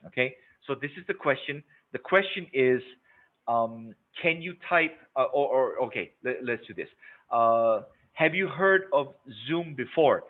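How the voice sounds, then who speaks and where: A man's voice: mid-range voice, animated, measured pace. Guy running a sales webinar, hammers points, says okay? right? a lot, thin phone-line sound. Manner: emphatic, repeats words, checks in with "okay?" and "right?". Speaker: sales trainer. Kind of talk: live webinar teaching. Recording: narrow phone-like webinar audio.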